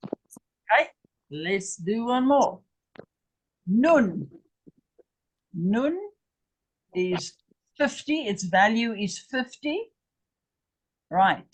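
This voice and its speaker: A woman's voice: mid-range voice, animated, extremely slow, pauses often, breathy edge, low-quality recording. An English woman teaching a language lesson, patiently repeating each word and spelling out its letters. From England. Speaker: Hebrew teacher.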